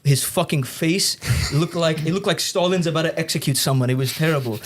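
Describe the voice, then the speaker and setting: A young man hosting a podcast, chatting casually and swearing freely as he tells animated stories. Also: a little high, brisk. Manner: profane, storytelling, animated.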